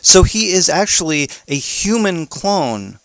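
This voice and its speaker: Male storyteller, explanatory, lively pitch, dry recording. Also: slow pace, no echo. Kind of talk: casual story recap.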